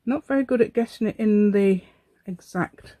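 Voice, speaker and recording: This crafting channel host talks at a normal pace in a mid-range voice with a dark tone, captured in a dry recording. She chats and rambles through a casual tutorial while crafting, laughing a lot and making jokes at her own expense.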